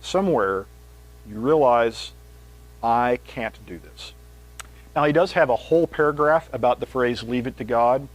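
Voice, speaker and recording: A man preaching a sermon in a conversational, animated way, reading scripture aloud with rising pitch and volume. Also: unhurried, rough recording.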